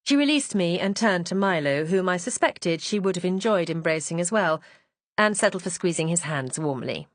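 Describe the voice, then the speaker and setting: Woman narrator, audiobook reading, lively pitch, dry close sound, poised. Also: normal speed, no room sound. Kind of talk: scripted first-person narration.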